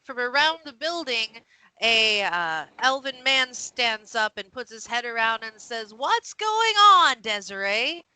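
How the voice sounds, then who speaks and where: Bright-voiced woman game master. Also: on the high side, unhurried, clear, resonant tone, no echo, rough recording. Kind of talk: narrating and explaining rules in a tabletop game.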